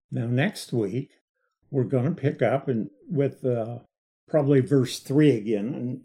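A man leading a Bible study lesson, explaining verses in a deliberate way and stressing key words. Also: medium pitch, mellow.

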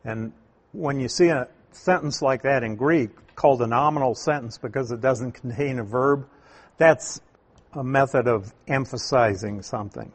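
A man teaching from the Bible, explaining Greek wording in a deliberate, emphatic way and asking rhetorical questions. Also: medium pitch, breathy edge. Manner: emphatic, repeats key points, asks rhetorical questions; slow, deliberate delivery with stressed words.

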